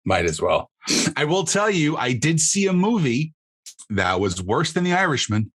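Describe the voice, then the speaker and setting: A male comedian co-hosting a relaxed podcast, tearing into things with sarcasm and plenty of swearing. His voice is slightly husky and swings widely in pitch. The sound is dry and close. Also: normal speed, no room sound. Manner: profane, sarcastic ranting. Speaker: comedian co-host. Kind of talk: casual podcast chat.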